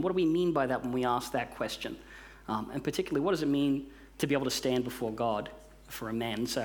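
A male pastor giving a thoughtful sermon, posing questions to his congregation and praying. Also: medium pitch. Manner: thoughtful, asks questions, fillers.

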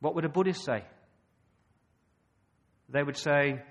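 An Australian man preaching a sermon, emphatic and full of rhetorical questions, with dramatic pauses. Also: fairly high pitch.

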